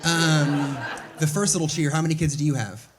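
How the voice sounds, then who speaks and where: A young man doing a stand-up comedy set on a club stage into a handheld mic, crude and mock-exasperated with a deadpan edge. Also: a little high, moderate pace, very noisy. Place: comedy club stage before a laughing audience.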